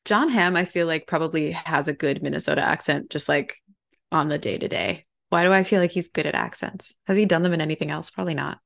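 A woman's voice: low-pitched, quick pace, vocal fry, fairly bright tone. A young woman co-hosting a podcast, chatting casually in an upbeat way with frequent laughs. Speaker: podcast co-host. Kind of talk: casual chat.

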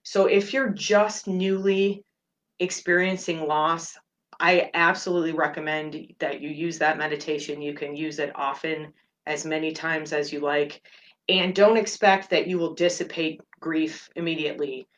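Low-voiced woman hosting a meditation talk. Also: steady tone, normal speed. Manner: gentle, candid, openly emotional. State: tearful at moments. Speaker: meditation podcast host. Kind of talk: personal reflective talk.

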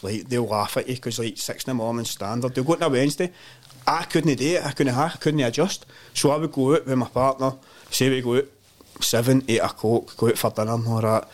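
A man with a Scottish accent, a podcast guest chatting casually and telling animated, sweary stories. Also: mid-range voice, brisk. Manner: swears freely, animated storytelling. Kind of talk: casual chat.

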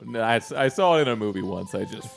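A man's voice: fairly low pitch, expressive, quick pace, gravelly, soft background music. A man playing a tabletop game, joking, swearing and reacting with lots of energy. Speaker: player. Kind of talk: casual tabletop game chat.

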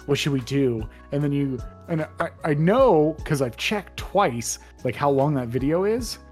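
A man's voice: a little high, animated, unhurried, darkish tone, husky, soft background music. A man casually chatting on a podcast, rambling with lots of fillers and restarts. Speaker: podcast co-host. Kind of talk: casual chat.

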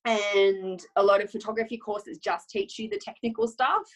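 A young adult woman photographer talking casually, lively and often acting out quoted self-talk with laughs. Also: medium pitch, moderate pace, rough recording. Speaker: photographer guest. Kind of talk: casual conversational chat.

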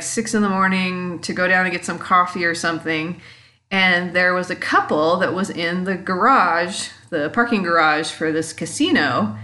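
Woman podcast host, low-ish register, chatty storyteller who acts out quotes. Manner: chatty, warm-hearted, acts out quotes with big pitch jumps. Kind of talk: personal storytelling monologue.

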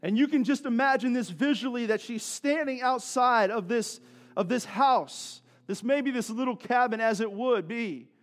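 A man's voice: very high-pitched, moderate pace. A male pastor giving a sermon in a conversational way, with joking asides and questions to the congregation.

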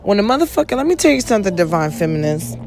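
A woman's voice: medium pitch, sing-song, racing, darkish tone, faint music behind. A woman hosting her own podcast, talking in a blunt, profane, rambling monologue and yawning often. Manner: frequent yawning. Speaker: podcast host. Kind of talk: casual monologue.

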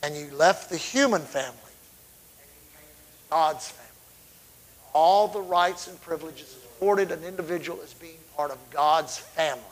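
A middle-aged man delivers a sermon, telling stories from the pulpit with fervor. His voice sits somewhat high for a man. He swings from loud, surging lines to quiet asides. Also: normal speed, rough recording. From Texas. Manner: fervent storytelling with sudden loud swells and drops. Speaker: preacher.

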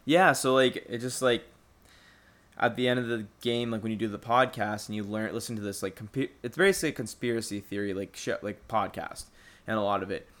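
A man's voice: fairly low pitch, fairly even intonation, fairly quick, fairly bright tone. Casual man chatting on a podcast. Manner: loose, filler-heavy retelling. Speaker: podcast co-host. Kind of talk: casual chat about a video game.

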